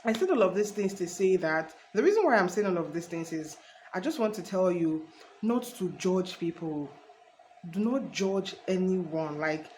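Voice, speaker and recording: A woman's voice: fairly low pitch, darkish tone, slight background noise, low-quality recording. Earnest woman preaching casually. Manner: earnest and preachy, addresses viewer as honey; rambling with restarts. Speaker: faith vlogger. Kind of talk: casual faith talk to camera.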